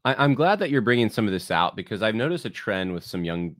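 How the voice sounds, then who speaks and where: A man's voice: fairly low pitch, very animated, fast, fairly bright tone, dry recording, studio quality. A man hosting a podcast, talking loosely and reading out listener comments to his guest. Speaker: podcast host. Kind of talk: casual interview talk.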